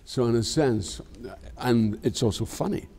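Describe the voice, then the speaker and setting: A man's voice: medium pitch, a little slow, mellow. An older man with a Scottish accent, talking frankly in an interview, reflective and rambling, swearing freely. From Scotland. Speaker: actor being interviewed. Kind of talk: candid conversational interview.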